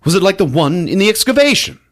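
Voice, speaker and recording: A man playing a composed young gentleman, soothing but brisk and matter-of-fact. The voice stays close to his own. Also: high-pitched, very animated, voice pushed up. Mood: calm.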